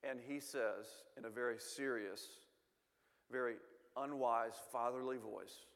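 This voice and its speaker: A man's voice: mid-range voice, fairly even intonation, a little slow, fairly bright tone, big-room sound. A man telling a family story to an audience, with self-deprecating humor and frequent repeated words.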